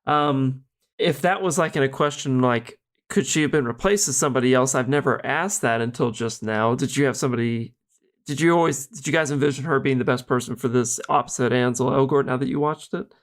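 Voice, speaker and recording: A man's voice: medium pitch, brisk. A man from the American South co-hosting a podcast, talking easily about a film with many fillers. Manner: easygoing, filler-heavy. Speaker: podcast co-host. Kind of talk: casual movie discussion.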